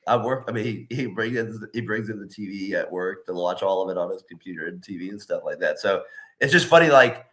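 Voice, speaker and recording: A man's voice: low-pitched, animated, a little fast, a bit bright. A man co-hosting a sports podcast in casual chat, rambling with lots of fillers and laughing often. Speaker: podcast co-host.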